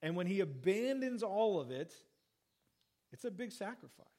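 A man with a high, light voice delivers a sermon in an easy, chatty manner. He reads a passage and then talks it through, slipping into little voices for quoted lines. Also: normal speed. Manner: conversational, acts out quoted lines with lively pitch jumps. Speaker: pastor. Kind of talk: sermon, Bible reading and teaching.

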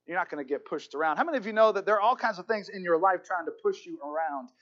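A man preaching a sermon as pastor, fervent, repeating key phrases and slowing down to stress them. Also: high-pitched, expressive, fairly bright tone, highs cut off.

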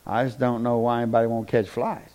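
A man's voice: medium pitch, fast talker, a little hiss or hum. A man preaching a sermon to a congregation, telling stories, joking with the room and closing in prayer. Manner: animated, acts out people in quotes, jokes with the room.

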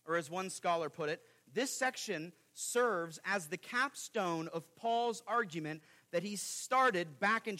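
A man preaching a sermon as pastor, earnest and explanatory, swinging between loud emphasis and quiet asides. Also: high-pitched.

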